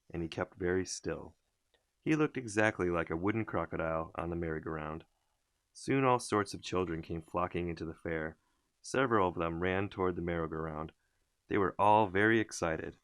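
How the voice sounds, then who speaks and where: A man reading a children's story aloud in an expressive, unhurried way. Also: low voice, no room sound, clean studio sound. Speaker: storybook reader.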